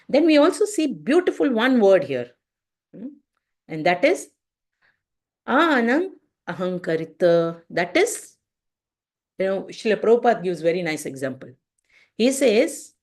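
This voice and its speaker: A woman's voice: mid-range voice, a little mellow. A woman with an Indian accent giving a devotional class online, telling stories and acting out voices with lots of "you know" fillers. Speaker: spiritual class teacher. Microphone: video call.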